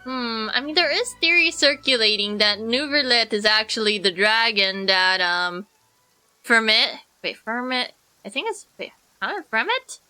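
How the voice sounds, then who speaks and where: A woman's voice: on the high side, normal speed, pushed and bright, clean tone, soft background music. A young woman streaming a game, chatting in a rambling, jokey way and answering her chat. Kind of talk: casual gameplay commentary.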